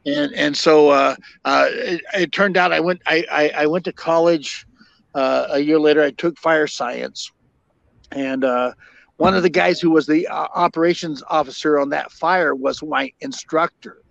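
Gravelly older man telling fire stories. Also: a little high, steady tone, fairly bright tone, no room sound. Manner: halting, many fillers and restarts. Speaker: podcast guest, retired fire captain. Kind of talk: storytelling interview. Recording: dull lo-fi dry sound.

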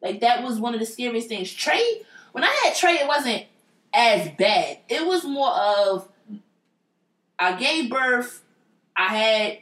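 A woman's voice: on the high side, lively intonation, slow pace, long pauses, a bit bright. A woman telling a personal story in a blunt, profane and emphatic casual way. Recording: roomy echo.

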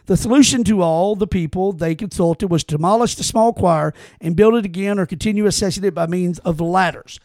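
A man co-hosting a casual podcast, reading an article aloud in a halting way with restarts and exclamations. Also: high voice, a little mellow, no room sound, studio quality. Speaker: podcast co-host.

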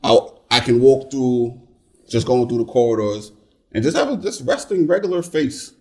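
A man's voice: mid-range voice, expressive, normal speed, noisy background. A man in casual conversation, talking emphatically and asking rhetorical questions. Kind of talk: casual chat.

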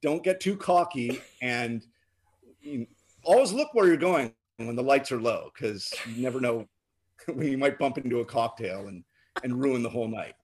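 A man with a husky, slightly breathy voice tells a story from his gigging past in a relaxed, chatty way. He slips into animated voices for the people in his anecdote. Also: mid-range voice, moderate pace. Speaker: drummer and co-host. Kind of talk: casual storytelling.

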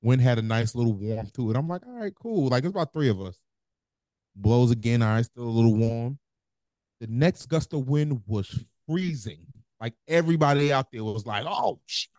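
A man's voice: medium pitch, normal speed, darkish tone, no echo. A young man with a Mississippi accent, co-hosting a podcast in casual, rambling banter full of slang. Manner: laid-back, rambling storytelling with slang. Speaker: podcast co-host.

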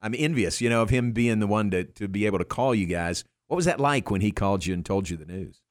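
An older man hosting a casual radio interview in a studio, friendly and quick to laugh. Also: on the low side, no room sound. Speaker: radio show host.

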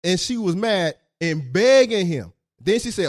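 Animated man telling stories on a podcast. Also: sits high, unhurried. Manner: animated storyteller, acts out quotes. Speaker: podcast co-host. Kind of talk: casual storytelling chat.

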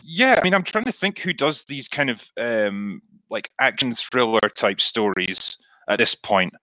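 Hesitant male author, bright dry voice. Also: medium pitch, expressive, measured pace, dry recording, poor audio. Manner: hesitant, many fillers and restarts. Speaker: author guest. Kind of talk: casual interview chat.

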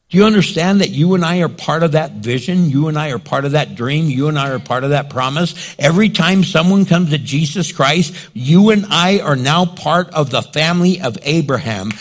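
A man preaches a sermon in a fairly high voice that rises and falls a great deal. He takes his time and acts out scenes and quoted lines with drama. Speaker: pastor.

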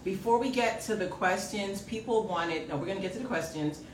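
A woman hosting a live podcast in casual chat, animated and sometimes loud, laughing often. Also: medium pitch, brisk, roomy sound, recorded from a distance, a little hiss or hum, poor audio. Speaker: podcast host.

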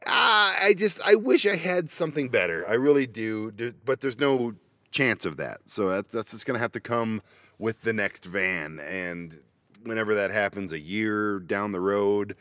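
A man's voice: fairly low pitch, moderate pace, a bit bright, dry recording. A man chatting casually and rambling with goofy self-mocking asides, recorded on a laptop inside a parked minivan. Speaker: vanlife vlogger. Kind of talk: casual solo chat. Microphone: laptop microphone.

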